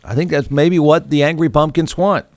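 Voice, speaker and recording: A snarky middle-aged male talk show host delivers a sarcastic, mocking monologue, his slightly high voice leaping up when he gets worked up. The sound is close and dry, with no room in it. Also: moderate pace, dry recording. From Texas. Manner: sarcastic, mocking, animated rants with sudden pitch jumps. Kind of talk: snarky political commentary monologue.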